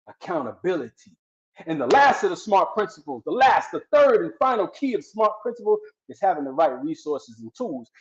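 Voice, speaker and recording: A man's voice: high-pitched, a little hiss or hum. A man giving a fervent motivational speech with preacher-like emphasis and repetition. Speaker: guest speaker. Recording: dull lo-fi sound.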